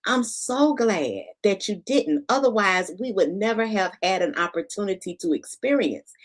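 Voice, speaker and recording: A woman's voice: mid-range voice, expressive, normal speed. A woman hosting a casual interview, affirming her guest with lots of agreement and enthusiasm. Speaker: show host.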